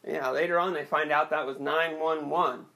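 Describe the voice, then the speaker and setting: A young man performing an awkward, rambling stand-up set with a hesitant, deadpan delivery and many restarts. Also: a little high, normal speed, vocal fry. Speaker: stand-up comedian.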